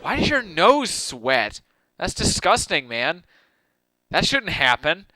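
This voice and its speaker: A man's voice: on the high side, very animated, takes it slowly, sharp tone. A young man casually joking his way through gameplay commentary as a let's play host. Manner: joking, irreverent.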